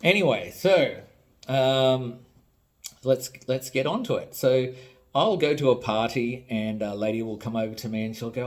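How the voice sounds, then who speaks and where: A man's voice: mid-range voice, moderate pace. Tired, sarcastic Australian man. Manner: sarcastic, blunt, profane, rambling. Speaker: toy maker and vlogger. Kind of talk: ranting casual vlog. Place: home.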